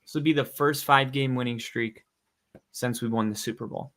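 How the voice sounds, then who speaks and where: A man's voice: medium pitch, normal speed. A man co-hosting a podcast, in casual sports chat, animatedly telling stories and acting out quotes. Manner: animated storytelling, acts out quotes. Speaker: podcast co-host.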